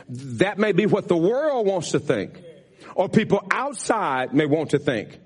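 A man's voice: big pitch swings, unhurried, slightly rough. A man preaching as pastor in a Bible study, repeating himself emphatically with frequent restarts. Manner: rises in pitch as he preaches harder. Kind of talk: sermon-style Bible teaching.

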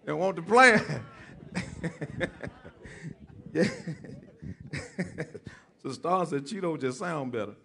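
A man's voice: fairly high pitch, animated, very slow, long pauses, pushed and bright. A man preaching a sermon as pastor, joking with his congregation, calling for responses and repeating key phrases for emphasis.

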